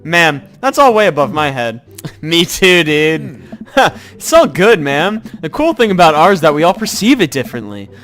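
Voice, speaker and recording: A man voicing an easygoing young dude-bro who talks in relaxed slang. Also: a little high, moderate pace.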